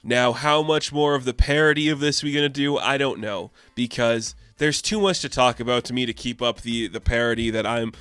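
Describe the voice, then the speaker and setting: A man reviewing a comic book in a casual vlog, excited and rambling, with frequent swearing. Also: mid-range voice, a little fast, hardly any pauses, clean tone, no echo.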